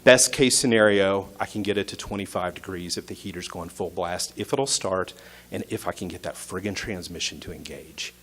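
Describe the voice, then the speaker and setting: Lowish voiced guy telling a story live on stage, tense punchy short sentences. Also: normal speed, a bit bright. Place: stage at an arts center.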